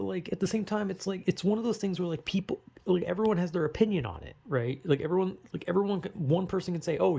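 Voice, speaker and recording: A man's voice: a little high, vocal fry, a little mellow. A man talking straight to the camera in a rambling vlog, full of fillers, swearing and self-deprecating rhetorical questions. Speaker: vlogger. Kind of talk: rambling casual monologue.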